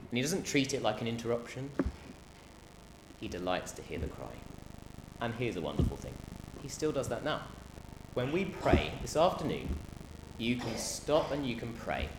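A man's voice: mid-range voice, sing-song, normal speed, pauses often. A man preaching a sermon, impassioned, acting out the cries and the crowd's voices as he goes. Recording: roomy hall echo, faint background noise.

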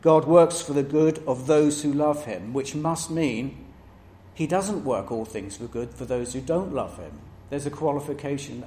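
A man preaching a sermon, measured and emphatic, stressing each item in his lists. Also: fairly high pitch, mellow. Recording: echoey room with faint background noise.

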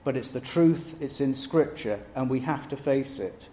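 A man preaching a sermon, measured and emphatic, stressing each item in his lists. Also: medium pitch, mellow. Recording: echoey room with faint background noise.

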